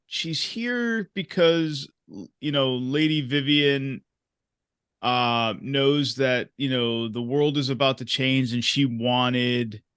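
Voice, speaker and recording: A man's voice: mid-range voice, a bit bright, smooth, dry recording, clean studio sound. A man talking over his character's feelings as a tabletop game player, hesitant and full of repeated words.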